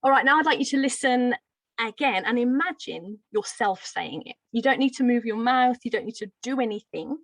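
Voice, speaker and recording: During a live teacher-training lesson, a teacher trainer from Birmingham, England, explains a pronunciation drill in her Brummie accent, friendly and explanatory with light laughs. Her voice is on the high side, and the recording is dry and poor.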